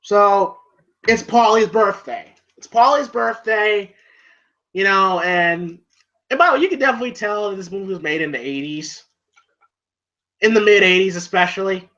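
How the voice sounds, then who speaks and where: A man's voice: high voice, lively intonation, brisk, sharp tone. A man casually recapping a film as a reviewer, rambling and filling his talk with "you know" and "like". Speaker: movie reviewer. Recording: dull lo-fi home recording.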